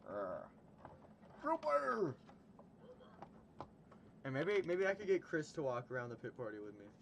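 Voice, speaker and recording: This stream host, a young man, talks fast with big swings in his medium-pitched voice. Chatting casually with a guest on the livestream, he laughs a lot and retells stories against slight background noise.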